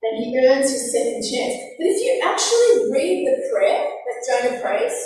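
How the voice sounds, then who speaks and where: A woman's voice: high-pitched, sing-song, moderate pace, a little mellow. A woman preaching a casual sermon, joking and asking emphatic rhetorical questions. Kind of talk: informal sermon teaching. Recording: echoey room, far from the mic, faint hiss.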